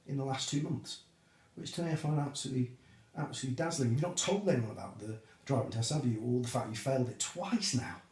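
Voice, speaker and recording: Deadpan man in an echoey room. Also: medium pitch, vocal fry. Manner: deadpan, teasing, drawn-out pauses. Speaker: coworker leaving a prank message. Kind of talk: mock-sincere comic video message. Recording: roomy echo.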